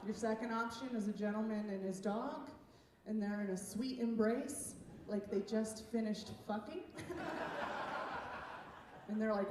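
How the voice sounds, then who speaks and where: A woman's voice: mid-range voice, a little slow, long pauses. A woman doing a stand-up set on a comedy club stage, chatty and self-mocking, laughing at her own jokes. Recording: echoey room, far from the mic, noisy.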